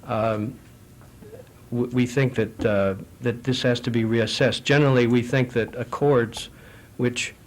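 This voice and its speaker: A middle-aged man speaking at a foreign affairs forum, answering audience questions in a measured, anecdotal way with frequent restarts. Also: mid-range voice, fairly even intonation.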